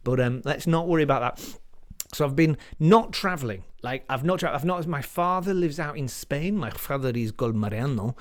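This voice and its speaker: A man's voice: on the high side, lively intonation, normal speed. A man, likely in his forties, performing a stand-up comedy set in a rambling, self-deprecating way, with many restarts.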